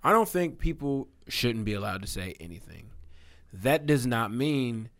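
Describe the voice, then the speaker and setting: A man's voice: mid-range voice, animated, unhurried, a bit bright. A young man hosting a casual conversation, telling stories candidly and laughing often.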